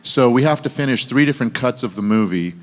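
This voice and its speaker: A man's voice: medium pitch, fast talker. A middle-aged man, a voice actor on a convention panel, telling stories and acting out the people in them in shifting voices. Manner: animated, acts out quoted people in shifting voices. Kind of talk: anecdotal convention panel storytelling. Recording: convention hall with long reverb.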